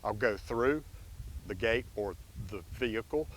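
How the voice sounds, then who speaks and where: A man's voice: lowish voice, expressive, unhurried, slight background noise, low-quality recording. A man who hosts a dog training channel, explaining in a folksy, casual way and breaking off to give his dogs firm commands outdoors. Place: outdoors on a rural property with dogs.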